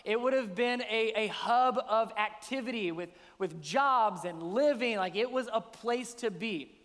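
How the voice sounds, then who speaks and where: A man preaching in a high voice. He talks conversationally and leans on rhetorical questions. Long reverb hangs after his words, like a big hall. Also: a little slow, fairly bright tone. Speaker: pastor. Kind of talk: sermon.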